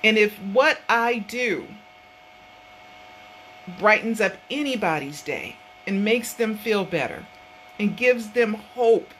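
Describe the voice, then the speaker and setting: Woman, vlog host, earnest, rambling, repeats words, bright tone, faint background noise. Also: mid-range voice, low-quality recording. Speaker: online show host. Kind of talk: casual vlog talk. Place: home office.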